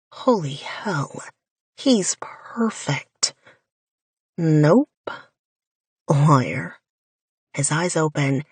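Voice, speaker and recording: A woman's voice: on the low side, a bit bright, husky, no room sound. A woman narrating a first-person romance audiobook in an intimate, wry inner-monologue voice, recorded close on a studio mic.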